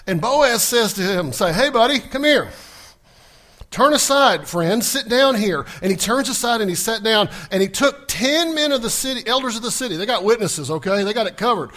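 High-voiced preacher acting out scripture. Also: male voice. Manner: animated, asks the congregation questions, acts out scripture dialogue. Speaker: pastor. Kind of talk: sermon.

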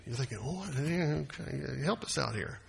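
Husky folksy pastor preaching. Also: male voice, mid-range voice, animated, normal speed, long reverb tail. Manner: folksy, asks the congregation questions. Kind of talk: sermon.

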